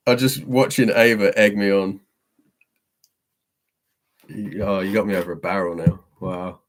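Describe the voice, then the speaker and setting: A man hosting a live stream and answering chat, chatty and self-deprecating, laughing often as he reads the questions. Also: sits low.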